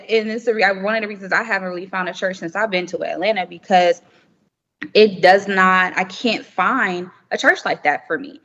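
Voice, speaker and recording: Her voice is medium in pitch with a fairly bright tone: a young woman guesting on a podcast, chatting openly and forcefully and often laughing. It's captured as muffled remote audio carrying long reverb.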